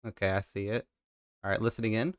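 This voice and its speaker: A man's voice: fairly low pitch, fast, no room sound, clean studio sound. A young man streaming, rambling casually and talking straight to his chat.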